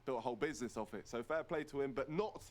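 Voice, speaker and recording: A man's voice: medium pitch, fast. A man on a panel, mocking the contestants in casual joking commentary.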